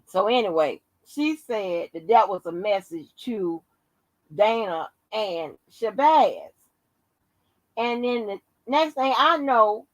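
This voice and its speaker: A woman giving casual commentary on her vlog, animated and profane, often breaking into laughter. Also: high voice, slow pace, long pauses, no room sound, low-quality recording. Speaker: YouTube commentator.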